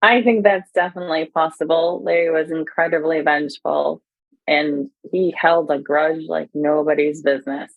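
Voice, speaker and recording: A woman guest in a conversational interview, candidly retelling events with many fillers and animated quotes. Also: sits low, moderate pace, creaky, no room sound, narrow, tinny audio.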